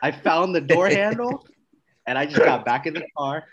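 Rambling dude telling a story on a podcast, keeps repeating words, laughs at himself. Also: male voice, a little high, expressive, moderate pace, fairly bright tone, dull audio, a little hiss or hum. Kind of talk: casual podcast chat.

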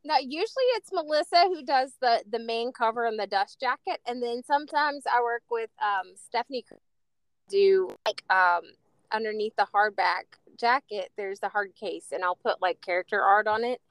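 Woman author, interview guest; high-ish, chatty, giggly, dry close mic. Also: normal speed, dry recording, poor audio. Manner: bubbly, laughs often, many fillers. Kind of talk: casual interview chat.

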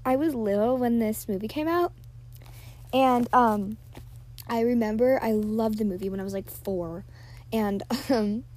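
A woman's voice: fairly high pitch, unhurried, pauses often, darkish tone. A teenage girl hosting a podcast, rambling casually, full of "like" and self-deprecating asides, on a built-in device mic. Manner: chatty, filler-heavy, self-deprecating. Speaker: podcast host.

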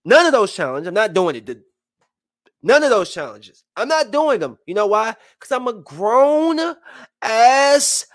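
A man in his thirties giving casual, joking live-stream commentary, swinging between loud bursts and hushed asides. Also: sits high, very animated, a little slow. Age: 30s.

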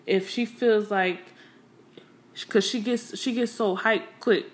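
A young woman in a loose, unscripted talk to camera, speaking from the gut. She is blunt and streetwise, swears freely, and keeps circling back with "you know" and "like" as she works out her thoughts. Her voice sits at an ordinary middle pitch. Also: fairly even intonation, slow. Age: young adult. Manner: candid, blunt, and streetwise, with frequent profanity; conversational, with many fillers like "you know" and "like". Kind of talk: casual opinion monologue.

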